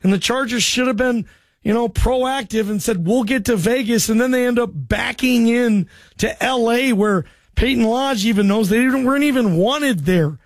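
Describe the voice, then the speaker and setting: High-voiced energetic male radio host. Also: moderate pace, dry recording, clean studio sound. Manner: energetic, loose, chummy with callers. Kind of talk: call-in sports radio talk.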